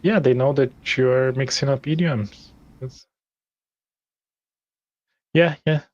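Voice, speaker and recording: A man from Brazil talks with eager energy about role-playing games, often doubling his words as he goes. His voice sits in a middle pitch, and the sound is dry and close. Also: fairly even intonation, no room sound, lo-fi sound. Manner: eager, repeats words, quick bursts.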